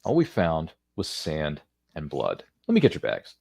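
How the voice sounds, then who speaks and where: A man imitating a brash young male adventurer and former soldier, with a slow, low drawl. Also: huge pitch swings, creaky, darkish tone, slightly rough, no room sound, studio quality, full character voice. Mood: wry.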